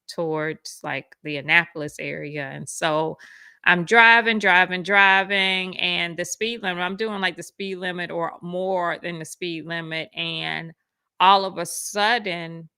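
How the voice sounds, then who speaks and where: Bright-voiced woman telling a story. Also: clean tone, no room sound. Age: adult with school-age kids. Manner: animated, acts out quoted voices with big pitch jumps. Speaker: speaker sharing a personal testimony. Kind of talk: casual storytelling.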